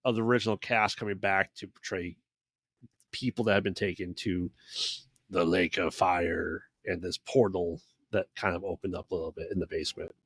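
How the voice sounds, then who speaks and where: A man's voice: deep voice, breathy edge, no room sound. Rambling male podcast host, dry close mic. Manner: rambling recap, acts out characters' lines. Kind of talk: casual movie recap chat.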